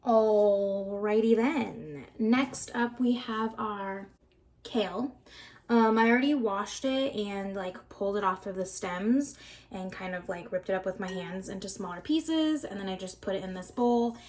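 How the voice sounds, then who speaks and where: A woman's voice: medium pitch, moderate pace, a little mellow, slight background noise. A young woman talking casually through a cooking vlog, chatty and upbeat, with lots of fillers. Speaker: vlogger.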